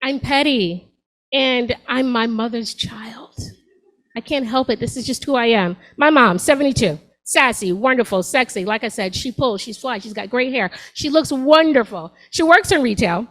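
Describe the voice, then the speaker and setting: Sassy woman in her 40s doing stand-up, high voice, chatting with the crowd at a club. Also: expressive, moderate pace, few pauses, a bit bright, low-quality recording. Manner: sassy, conversational, addresses the crowd. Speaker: stand-up comedian. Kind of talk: stand-up set. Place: comedy club stage.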